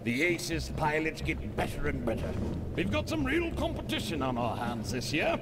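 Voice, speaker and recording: Pompous game boss; blustery brag, voice leaping all over, music under it. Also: male voice, a little high, huge pitch swings, normal speed. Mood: boastful. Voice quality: blustery, boastful. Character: pompous male air-race team boss. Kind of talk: video game cutscene voice acting.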